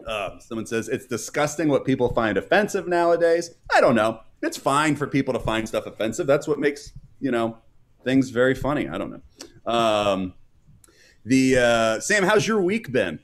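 A man's voice: medium pitch, big pitch swings, moderate pace. A man hosting a live stream in casual chat, reading out chat comments and rambling with many fillers and restarts.

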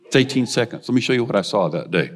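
Older man preaching, low voice. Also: animated, rapid-fire. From United States. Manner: earnest, confessional personal storytelling. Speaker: guest preacher. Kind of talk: sermon storytelling. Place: church.

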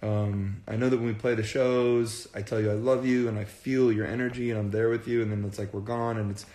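A man's voice: lowish voice, level tone, a little fast, mellow, roomy sound. Earnest rambling man on a livestream. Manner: earnest, rambling, repeats himself. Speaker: band frontman on a livestream. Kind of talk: casual livestream chat. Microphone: phone.

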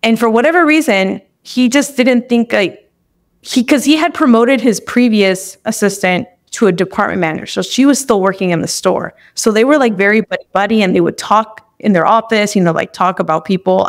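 A woman's voice: mid-range voice, brisk. A young woman telling a personal story as a podcast guest, candid and emotional, with many "like"s. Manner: emotional, tearful at moments, lots of "like".

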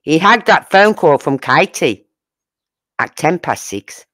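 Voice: medium pitch, big pitch swings, slow, fairly bright tone. A true crime channel host giving casual commentary, asking sarcastic rhetorical questions and using blunt, crude slang.

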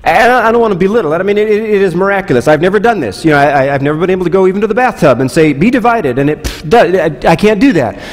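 A man's voice: high-pitched, very fast, hardly any pauses, long reverb tail. A man pastor preaching a sermon, conversational, asking the listeners rhetorical questions. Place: church sanctuary.

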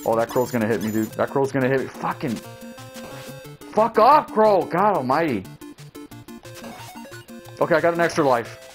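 Excitable man swearing through a retro game. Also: medium pitch, brisk, long pauses, faint music behind. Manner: swears and shouts at enemies, talks to viewers. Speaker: let's play gamer. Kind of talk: casual gameplay commentary.

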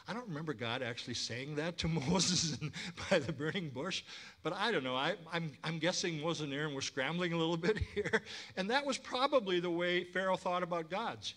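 Bright animated male pastor, slightly high voice, preaching a sermon with call-and-response. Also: fairly quick. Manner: lively, calls for congregation responses.

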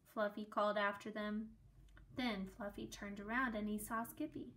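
A woman reading a children's book aloud in a gentle, expressive way, adding small asides. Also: medium pitch, normal speed. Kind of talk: storybook read-aloud with asides.

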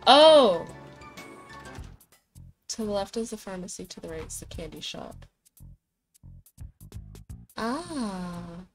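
Young woman, streamer, joking asides, mid-pitched voice, soft game music underneath. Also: very animated, takes it slowly, long pauses. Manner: playful, joking asides to herself. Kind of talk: casual gameplay commentary, reading game dialogue aloud. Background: faint game music.

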